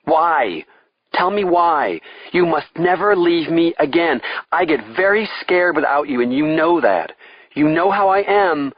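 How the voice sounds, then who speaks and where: Male narrator as a shrill, needy madman, slightly dull recording. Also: animated, unhurried. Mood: shrill, clingy. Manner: screeching, needy, then mocking whisper. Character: unhinged male kidnapper, clingy then menacing.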